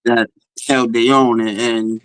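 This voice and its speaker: A man's voice: medium pitch, level tone, a little slow, fairly bright tone, poor audio. A man speaking as a guest in casual chat, blunt, with street slang and repeated words.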